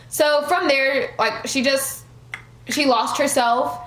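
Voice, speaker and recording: A young woman in her twenties tells a storytime to her viewers, animated and fond of y'all. Her voice sits fairly high, and her talk rings in an echoey room. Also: fairly quick. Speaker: vlogger.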